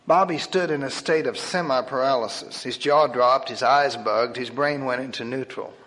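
A man reading a humorous story aloud in a wry, lively storytelling manner. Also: medium pitch, normal speed. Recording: long hall reverb.

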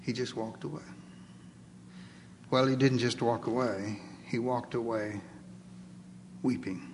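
A man preaching a sermon, dramatically acting out prayers and dialogue, swinging between loud pleas and near-whispers. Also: medium pitch, steady tone, takes it slowly, long reverb tail, slight background noise. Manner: dramatic, acts out dialogue with God.

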